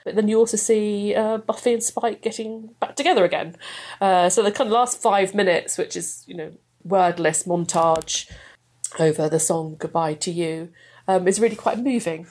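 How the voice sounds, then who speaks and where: A woman's voice: medium pitch, moderate pace, darkish tone. A woman chatting enthusiastically as a guest, laughing often. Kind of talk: casual chat.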